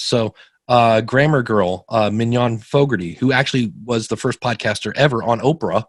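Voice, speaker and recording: A man's voice: mid-range voice, normal speed, breathy edge, dry recording, studio quality. A middle-aged man guesting on a podcast, telling stories casually and acting out the people he quotes with big jumps in his voice. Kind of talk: casual interview storytelling.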